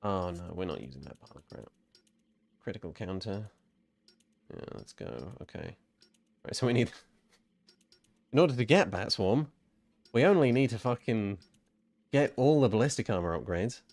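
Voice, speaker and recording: A man's voice: on the low side, big pitch swings, normal speed, gravelly, pauses often, a little mellow. A man giving laid-back, casual commentary while he streams a game and swears freely.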